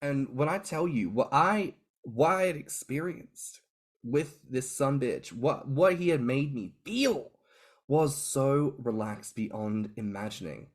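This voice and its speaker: Male podcast co-host, lively swooping delivery, animated and profane. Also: medium pitch, slow. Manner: animated storyteller, swears and laughs freely. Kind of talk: casual podcast chat.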